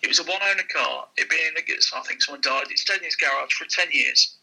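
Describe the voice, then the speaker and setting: A man, a former car dealer, telling animated anecdotes in casual conversation and voicing the people in them. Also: on the high side, vocal fry, slightly rough, rough recording. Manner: animated, quick anecdote with voiced quotes. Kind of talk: casual storytelling.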